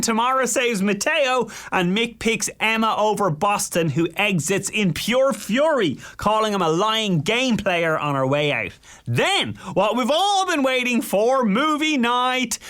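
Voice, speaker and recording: A man hosting a reality-show recap, quick, jokey and teasing with his guests. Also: high voice, sharp tone. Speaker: host.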